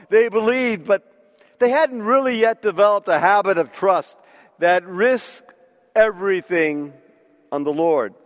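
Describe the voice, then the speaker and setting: Male preacher, sermon, high voice for a man, long echoing reverb. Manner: slow, deliberate, with emphatic pauses.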